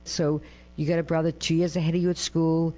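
A woman's voice: low-pitched, fairly quick. Woman telling stories, lo-fi hum. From Massachusetts. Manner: lively storyteller, acts out quotes, ends phrases with "right?". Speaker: guest. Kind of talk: interview storytelling. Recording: dull lo-fi with mains hum.

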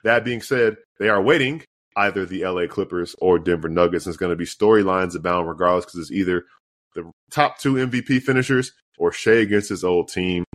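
Low-voiced male co-host, loose and rambling sports talk. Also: fairly quick, no echo, studio quality. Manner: rambling, many fillers and restarts.

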